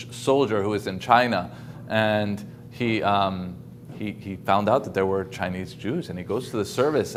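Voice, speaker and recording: Over a video call, a male guest speaker delivers an informal lecture full of ums and restarts. His voice is lowish, and a little hiss or hum sits in the audio.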